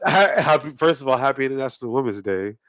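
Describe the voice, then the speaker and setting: A man's voice: medium pitch, animated, quick pace, fairly bright tone, dry recording, dull audio. A man co-hosting a sports podcast, ranting heatedly with heavy swearing in casual talk. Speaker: podcast co-host.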